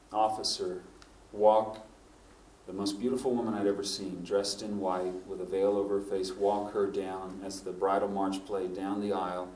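A middle-aged man preaching a sermon, telling animated stories that build to emphatic points. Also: fairly low pitch, distant mic, a little hiss or hum. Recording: roomy echo, from off the mic.

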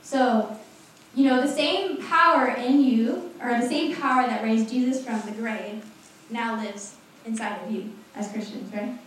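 Young woman, casual animated preacher, slightly high voice, recorded far off in a very echoey hall. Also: measured pace, slight background noise. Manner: animated, laughing often, chatty asides. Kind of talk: casual sermon.

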